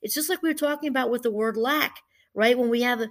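A middle-aged woman, a professor, talking casually and warmly about gratitude, rambling a little and laughing through her stories. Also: a little high, a little fast. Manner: chatty, rambling, laughs while telling stories. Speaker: professor and podcast host. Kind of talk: casual motivational talk.

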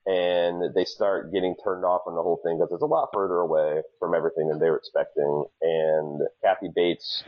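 Low-voiced male podcast co-host, animated and jokey, muffled recording. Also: brisk, few pauses. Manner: animated, stammering restarts, jokey. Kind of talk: casual recap chat.

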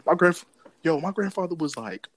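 A man's voice: on the high side, moderate pace, creaky, background noise. Slangy young New York man telling a story. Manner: animated storyteller acting out quotes, slangy. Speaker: podcast co-host. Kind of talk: casual chat, storytelling.

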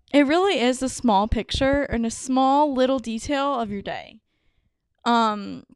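A woman's voice: a little high, smooth, no echo, clean studio sound. A young adult woman hosting a podcast, telling a personal story casually with lots of "like" and dramatic asides. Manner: chatty, lots of "like", dramatic retelling. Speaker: podcast host.

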